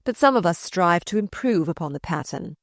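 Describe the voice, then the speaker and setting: A woman reading aloud voices a sardonic, malicious older male courtier who mocks in slow, drawn-out phrases. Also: lowish voice, lively intonation, no room sound, studio quality, close to an everyday voice. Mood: mocking. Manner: mocking, drawn-out.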